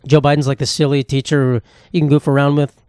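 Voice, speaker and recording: A man's voice: medium pitch, little pitch movement, fairly quick, a little mellow, clean tone, dry recording, clean studio sound. A young man, hosting a solo comedy podcast in a profane, sarcastic, rambling rant. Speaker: podcast host.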